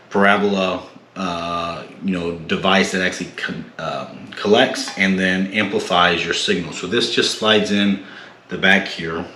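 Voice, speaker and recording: Male tech host, deep voice, casual unboxing, echoey room with faint hiss. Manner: relaxed, many fillers and restarts. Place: home room.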